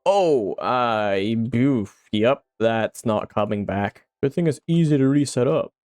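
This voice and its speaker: Playful man doing lively game commentary. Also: slow pace, no echo, studio quality. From Canada. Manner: playful, excitable, often laughing and shifting pitch. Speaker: game YouTuber. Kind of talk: casual gameplay commentary.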